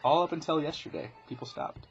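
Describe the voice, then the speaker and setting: A man's voice: on the high side, a little fast, gravelly, dull audio, music in the background. A man chatting on a podcast, telling stories with geeky enthusiasm. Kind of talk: casual chat.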